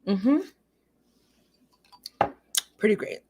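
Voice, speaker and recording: A woman's voice: drawn-out words, warm tone. A tipsy woman casually chatting on a livestream in an echoey room at home, giggling and greeting viewers. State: a little tipsy. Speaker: livestream host.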